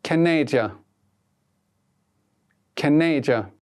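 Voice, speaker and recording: This scripted language lesson is led by a teacher whose medium-pitched voice has a darkish tone. Each prompt is measured, and each answer is repeated twice.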